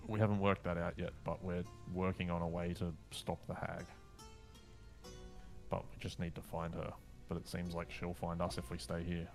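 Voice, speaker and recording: A man's voice: low voice, monotone, normal speed, creaky, soft background music. A man playing in a tabletop game, talking casually with dry, blunt remarks. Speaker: player.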